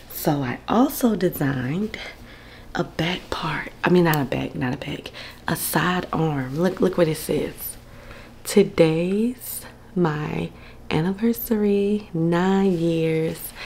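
A woman in her thirties talking to camera in a casual vlog, earnest when she reflects and excited, half whispering, when she shows things. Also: fairly low pitch, vocal fry, slight background noise, low-quality recording. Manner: earnest, faith-filled reflection; excited, partly whispering show-and-tell. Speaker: vlogger.

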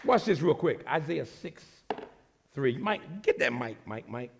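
A man preaching a sermon as pastor, animated, swinging from low asides to shouting. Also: unhurried, creaky, slight background noise.

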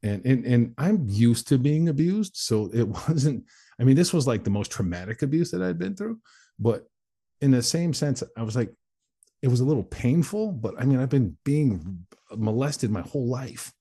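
A man's voice: medium pitch, animated, moderate pace, dark tone, slightly rough. A man, a motivational speaker and interview guest, telling his personal story in a candid, blunt, plain-spoken way with the odd swear word.

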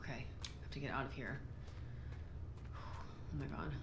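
A woman's voice: rumbling low, normal speed. A woman in her twenties giving jumpy, exclaiming commentary while playing a video game. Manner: jumpy, exclaiming, easily startled. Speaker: gaming YouTuber. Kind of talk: let's play commentary. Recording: echoey room, faint noise.

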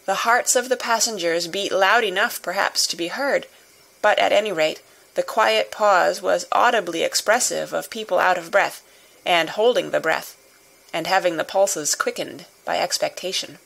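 Woman narrating a classic novel, low-ish. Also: moderate pace, vocal fry, fairly bright tone, rough recording. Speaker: audiobook narrator.

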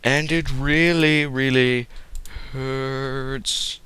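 A man's voice: mid-range voice, slow pace, long pauses, sharp tone, smooth. A man giving casual gameplay commentary, rambling and joking to his viewers. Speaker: game commentator.

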